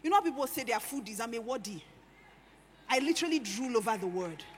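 A woman preaching a sermon, animated, swinging between hushed lines and loud emphatic ones. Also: on the high side, slight background noise. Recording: echoey hall with faint ambience.

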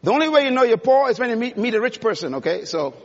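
In a large conference hall, a man with a strikingly high voice delivers a fast, very animated motivational speech straight to the audience, emphatic and preacherly. The audio sounds dull and rings with a long hall reverb.

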